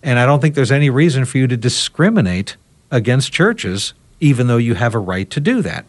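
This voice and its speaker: A talk radio host telling a story on a roundtable podcast and voicing both sides of a conversation. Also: male voice, mid-range voice, big pitch swings, brisk. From United States.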